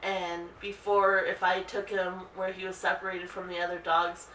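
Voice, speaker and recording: Bright-voiced woman dog trainer in a roomy space. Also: moderate pace, recorded from a distance, a little hiss or hum. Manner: calm explaining, breaks into high sing-song calls to the dog. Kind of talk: casual instructional video. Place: indoor room. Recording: roomy echo, voice a bit off-mic.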